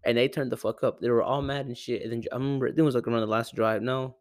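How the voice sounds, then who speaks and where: A man's voice: medium pitch, steady tone, racing, no room sound. A young man from Arizona rambling through a casual, profane sports rant at home, often correcting himself. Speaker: sports podcaster. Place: home room with a cat. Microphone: close desk mic.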